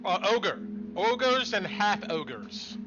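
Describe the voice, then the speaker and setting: A man, the game master, calmly filling in story details during a casual recap. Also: high-pitched, very slow. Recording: dull lo-fi mic with music behind.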